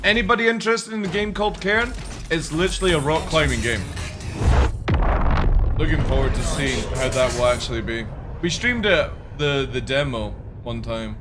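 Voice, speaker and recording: A man's voice: a little high, normal speed, over music. A man chatting casually to his chat while streaming a game, rambling and swearing freely.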